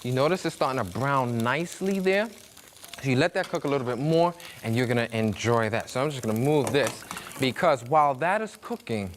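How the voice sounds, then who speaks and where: Food sizzles in a pan behind this cooking show host, a man from Brooklyn, New York, whose accent gives him away. His mid-range voice carries a chatty, joking tone as he spins anecdotes and does the voices of the people in them, over a faint hiss or hum.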